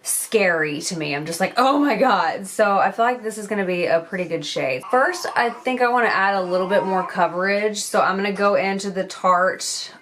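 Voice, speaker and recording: A woman's voice: mid-range voice, normal speed, hardly any pauses, a bit bright, slight background noise. A young woman chatting candidly as a beauty vlogger while she does her makeup, swearing casually as she goes.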